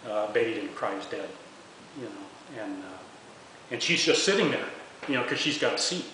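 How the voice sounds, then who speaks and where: Halting older man, low voice. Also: animated, bright, forceful tone. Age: 60s. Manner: halting, repeats words while recounting. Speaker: veteran interviewee. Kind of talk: oral history interview. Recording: echoey room with faint hiss.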